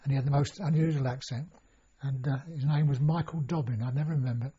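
A man's voice: medium pitch, fairly even intonation, quick pace, mellow, slightly rough. An older man telling a long personal story in an oral history interview, rambling and full of fillers and restarts. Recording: dull lo-fi recording.

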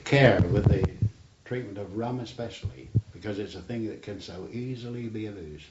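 The recording, roomy and dull archival tape with faint hiss, features an older man who served in the navy telling rambling stories for an oral history. His lowish, darkish voice moves at a moderate pace, with "you see" added often.

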